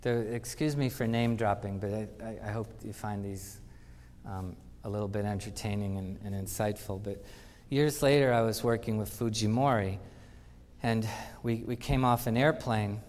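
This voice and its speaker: In a reverberant conference hall, a man gives a storytelling talk full of lively anecdotes and acted-out quotes. His voice is fairly low and his speed normal.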